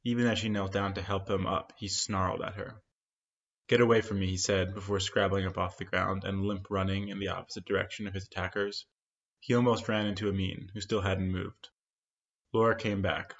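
Man, fiction narrator, measured, gravelly, dull lo-fi recording. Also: low-pitched. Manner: steady, measured storytelling. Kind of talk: scripted fiction reading.

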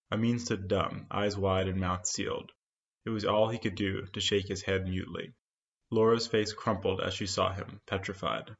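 A man narrating a short story in a steady, measured reading, on a dull lo-fi recording. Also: low voice, creaky. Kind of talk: scripted fiction reading.

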